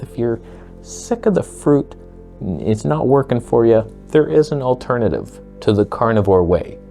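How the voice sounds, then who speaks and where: A man talking casually to camera as a vlogger, blunt, sarcastic and excitable. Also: mid-range voice, measured pace, gravelly, soft background music.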